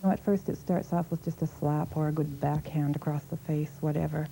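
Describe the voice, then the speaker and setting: A woman's voice: sits low, fairly even intonation, fairly quick, vocal fry, mellow, slight background noise, poor audio. A woman giving personal testimony in a documentary interview, plain-spoken and direct.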